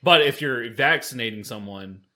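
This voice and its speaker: A man hosting a casual podcast, talking in animated bursts with plenty of fillers, restarts and swearing. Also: medium pitch, normal speed. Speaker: podcast host and game master.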